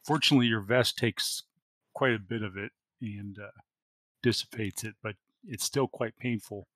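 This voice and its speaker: At a normal speed, a man with a fairly low, slightly bright voice acts as game master for a tabletop role-playing game. He narrates what happens and works through the rules, with frequent fillers and restarts, recorded with no room sound.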